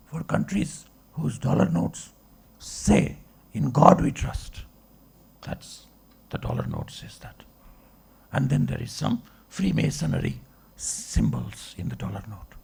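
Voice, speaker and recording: Lowish, creaky and husky, this man's voice is a little mellow. As a philosophy professor delivering a wandering public lecture, he keeps prompting listeners with rhetorical checks such as "okay" and "right."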